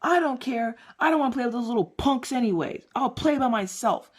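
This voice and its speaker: A woman's voice: fairly high pitch, lively intonation, fairly quick, breathy edge, voice pushed up. Woman doing a whiny little boy. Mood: sulky. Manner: whiny, sulking.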